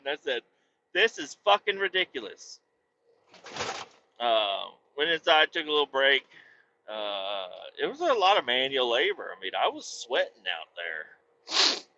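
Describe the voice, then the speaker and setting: Man, podcast host, casual profane storytelling, bright forceful voice, muffled lo-fi recording. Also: fairly high pitch. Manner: profane, animated, acts out voices with loud yelps.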